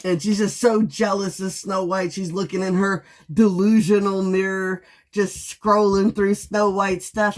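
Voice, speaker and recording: A woman tarot reader telling a story in a casual monologue, sassy and animated, swearing freely. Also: medium pitch, measured pace.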